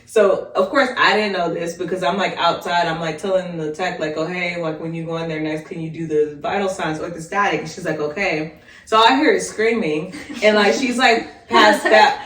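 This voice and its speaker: A woman's voice: on the low side, normal speed, fairly bright tone. A woman who works as a nurse, telling workplace stories in a casual chat, laughing often and swearing freely. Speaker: nurse, podcast co-host. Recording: echoey room, distant mic.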